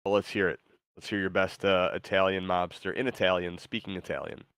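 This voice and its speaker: Stream host, man, very low voice, halting and rambling, dry close mic. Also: level tone, fairly bright tone, clean tone, no room sound. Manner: halting, full of fillers and restarts. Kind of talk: casual stream chat.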